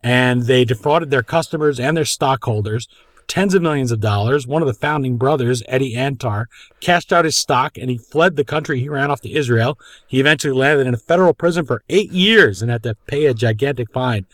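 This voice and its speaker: A man's voice: medium pitch, fairly quick, a bit bright, no room sound. Wry middle-aged man, dry close mic. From Greek heritage. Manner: wry, rambling, opinionated. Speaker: podcast co-host. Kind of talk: casual chat.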